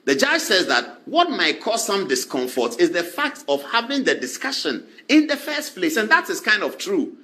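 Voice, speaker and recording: A man giving animated talk-show commentary, acting out quoted dialogue in shifting voices. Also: high-pitched, normal speed, hardly any pauses.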